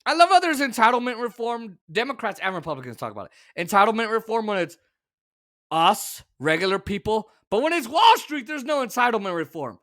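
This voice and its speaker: A man hosting a political commentary show, talking in an opinionated, sarcastic and exasperated way, with sudden shouted bursts. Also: sits high, very animated, fairly quick.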